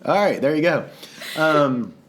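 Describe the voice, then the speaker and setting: A man co-hosting a podcast, telling a story in a casual, animated way, laughing often and acting out what others said. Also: a little high, a little slow. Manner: animated, laughing, acts out quoted voices. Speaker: podcast co-host.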